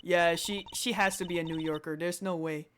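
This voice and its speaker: A woman streamer reacting excitedly and laughing while reading game dialogue aloud. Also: on the low side, normal speed, slight background noise.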